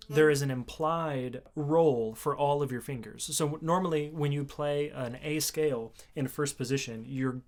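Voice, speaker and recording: A man giving a casual video lesson on the mandolin, explaining in a relaxed way with fillers and restarts. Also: medium pitch, moderate pace, hardly any pauses, soft background music. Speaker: mandolin teacher. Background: mandolin playing between phrases.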